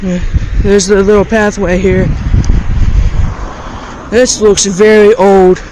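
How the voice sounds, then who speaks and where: High-voiced man vlogging outdoors. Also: level tone, slow pace, background noise. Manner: chatty, easily amazed, talks to viewers directly. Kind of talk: casual walking vlog. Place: outdoors by a river bridge in a small town. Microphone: handheld camera.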